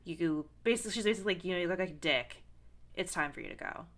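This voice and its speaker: Podcast co-host, woman, bright tone, lively film recap with quotes acted out. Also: on the low side, fast talker. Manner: animated retelling, acting out quotes with swearing. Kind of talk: casual film discussion.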